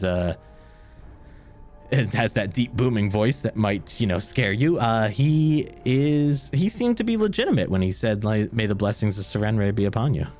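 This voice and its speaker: A man narrating a tabletop game as game master, in a relaxed, rambling storytelling way. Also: medium pitch.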